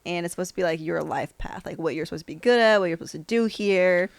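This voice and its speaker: A woman's voice: fairly low pitch, fast talker, gravelly, no echo. A woman chatting and laughing often as a podcast guest. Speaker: guest artist. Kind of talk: casual chat.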